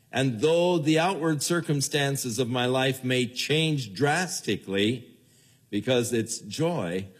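Slow, husky-voiced older male preacher. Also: medium pitch. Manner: slow, earnest preaching with lively acted-out quotes. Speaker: pastor. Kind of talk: sermon.

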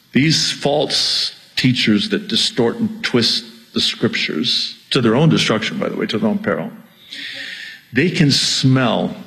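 A male pastor delivering a sermon at an unhurried pace. He hammers repeated warnings with rising intensity, then eases off with light asides to the listeners. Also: mid-range voice, low-quality recording. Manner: slow, emphatic preaching that rises to near-yelling at peaks; jokes with the congregation.

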